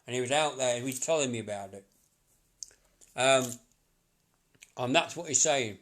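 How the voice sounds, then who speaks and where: A man's voice: medium pitch, normal speed, fairly bright tone. A middle-aged man working as a psychic medium, giving a live reading to a sitter in a chatty, repetitive way, laughing often.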